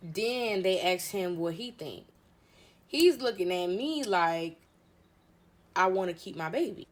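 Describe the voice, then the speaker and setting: A young woman recounts a personal story in casual story-time style. Her voice sits a little low, and she voices the people in her story as she goes. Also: lively intonation, takes it slowly. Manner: conversational retelling with quoted dialogue. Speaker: storyteller in clip.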